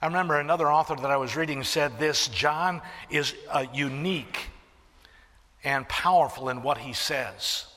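A man preaching a sermon, swinging from hushed near-whispers to loud emphatic declarations and quoting scripture. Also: fairly high pitch, moderate pace, in a large hall. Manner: restarts and fillers, quoting scripture.

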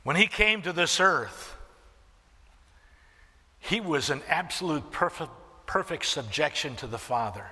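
A man preaching a sermon, swinging from hushed near-whispers to loud emphatic declarations and quoting scripture. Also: on the high side, expressive, measured pace, long pauses, in a large hall. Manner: restarts and fillers, quoting scripture.

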